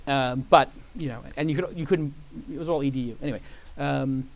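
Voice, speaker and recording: At a live event before an audience, a male guest in a storytelling interview spins out a long anecdote, his mid-range, slightly creaky voice moving a little fast. He animatedly acts out the voices of the people in his tale and leans heavily on "like" as filler.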